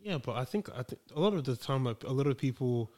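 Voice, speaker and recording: A man's voice: medium pitch, lively intonation, fast, dark tone. Young man, hesitant rambler, casual chat. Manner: rambling, hesitant, lots of fillers.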